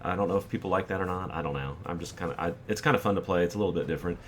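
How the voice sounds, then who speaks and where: Deep-voiced man rambling through a story. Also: racing, a little hiss or hum. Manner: rambling, anecdotal, acts out quotes. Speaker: gaming channel host. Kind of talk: storytelling over gameplay.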